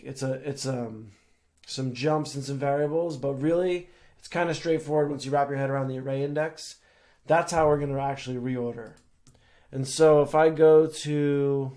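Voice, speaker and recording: A young man casually explaining a no-code web app build step by step, with a relaxed, filler-laced delivery. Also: mid-range voice. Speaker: software tutorial presenter. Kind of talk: screen-share coding tutorial.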